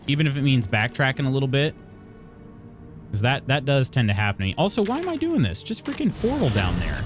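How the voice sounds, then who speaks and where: A man's voice: medium pitch, a bit bright. A man from Illinois casually chatting while streaming a video game, reading chat aloud and laughing often.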